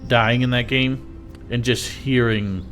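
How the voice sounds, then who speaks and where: A man's voice: medium pitch, steady tone, takes it slowly, fairly bright tone, soft background music. A man streaming a video game live, musing aloud in a chatty way and filling his talk with "like". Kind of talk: casual live-stream commentary.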